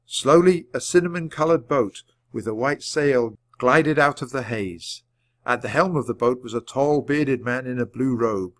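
A man reading a children's book aloud at a clear, measured pace. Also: mid-range voice, dry recording. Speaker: storybook reader.

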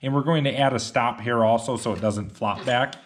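A man's voice: medium pitch, brisk, slight background noise. A man co-hosting a garage build vlog, talking upbeat and plainspoken with a few uhs. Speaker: YouTube garage builder co-host. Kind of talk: casual shop vlog talk. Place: garage workshop.

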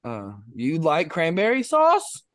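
A man co-hosting a podcast, chatting casually and reacting quickly and animatedly. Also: fairly high pitch, wildly swooping pitch, fairly bright tone, dry recording, studio quality. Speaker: podcast co-host. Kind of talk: casual chat.

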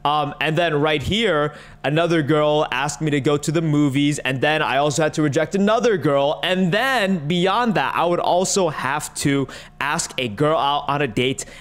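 A man's voice: on the high side, moderate pace, a bit bright. Mocking, profane man ranting. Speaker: online commentator. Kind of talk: ranting reaction commentary.

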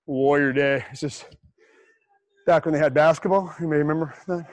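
A man's voice: a little high, steady tone, moderate pace, no room sound, rough recording. A man coaching a livestream workout, breathless and encouraging, counting down reps. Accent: American. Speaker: fitness coach.

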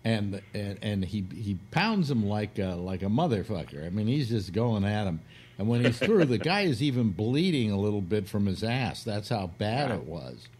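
A man's voice: on the low side, sing-song, normal speed, darkish tone, slightly rough. A man hosting a casual radio talk show, telling a long crude joke with acted-out quotes. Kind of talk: casual radio chat, storytelling.

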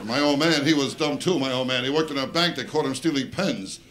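On a club stage, a man performs live stand-up, rattling off brash, self-mocking one-liners and trading banter with the audience. He has a medium-pitched voice and a brisk pace, and the live club recording is full of loud crowd laughter and noise.

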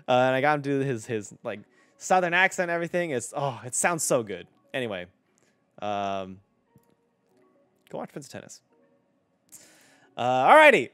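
A young male streamer with a bright, lively voice that runs high and bounces around. He rambles, swears freely and fills his sentences with "uh" and "like". The sound is dry and close, with faint game music underneath. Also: measured pace, long pauses, no room sound. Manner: rambling, profane, lots of fillers. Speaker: streamer and voice director. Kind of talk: casual stream chat while playing.

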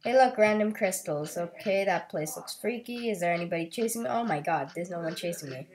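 A woman hosting a let's play, giving excitable, chatty and playful gameplay commentary. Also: fairly low pitch, brisk. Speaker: gaming video host.

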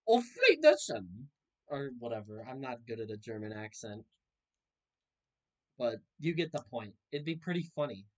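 A man's voice: medium pitch, normal speed, long pauses. A young man casually commenting while he plays a video game, joking and reacting aloud to what happens on screen. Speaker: gaming video host. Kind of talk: casual let's-play commentary.

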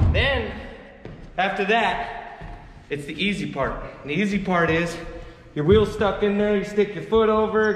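A man's voice: sits high, a bit bright. A man casually talking through a skateboard trick in an indoor skate park, frustrated and swearing often. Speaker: skateboarding vlogger. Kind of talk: casual tutorial vlog. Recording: echoey hall with long reverb, faint noise.

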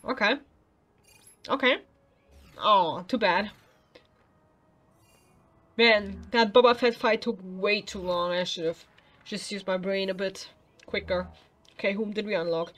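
A woman's voice: medium pitch, fairly even intonation, slow, long pauses, fairly bright tone. A woman casually commenting on a video game she is playing, chatting to the characters and making playful sound effects. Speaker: let's play gamer.

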